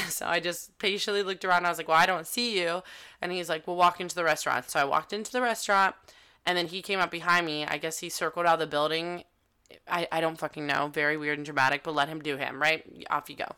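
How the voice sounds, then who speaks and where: Bright, clear-voiced woman telling a story. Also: deep voice, quick pace. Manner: candid, animated, swears freely. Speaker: podcast host. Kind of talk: casual storytelling monologue.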